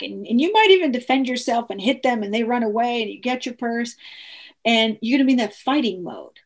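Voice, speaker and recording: A woman telling a personal story in an earnest, animated way, acting out the dialogue with frequent restarts. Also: on the high side, brisk.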